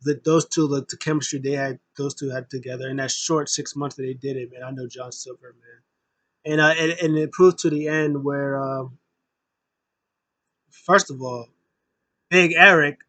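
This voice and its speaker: A man's voice: mid-range voice, fairly even intonation, moderate pace, long pauses, bright, forceful tone, no room sound. A man giving a casual, rambling recap of a wrestling show, full of fillers and emotional fan talk.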